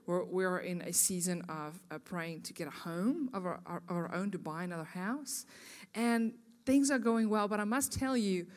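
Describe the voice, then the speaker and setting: A woman in her thirties with a South African accent, speaking as a guest at a women's ministry event, chatty and joking with the audience. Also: lowish voice.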